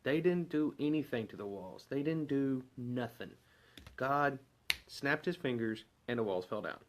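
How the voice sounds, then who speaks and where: A man delivers a devotional sermon in a relaxed, conversational way. He speaks at an ordinary pitch and often stops to put rhetorical questions to his listeners. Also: measured pace, slight background noise. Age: adult parent. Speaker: preacher.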